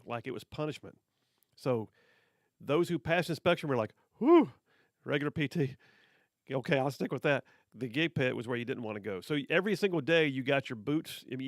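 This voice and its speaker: A man's voice: mid-range voice, vocal fry, no echo, studio quality. A middle-aged man hosting a radio talk show, telling stories in a casual, chatty way with many restarts. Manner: chatty, repeats words as he goes. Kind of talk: casual on-air storytelling.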